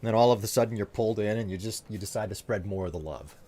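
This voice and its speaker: A man with a somewhat low voice talks casually to his live-stream audience. He teases viewers playfully and thanks them one by one by name. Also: very fast, warm tone, slight background noise.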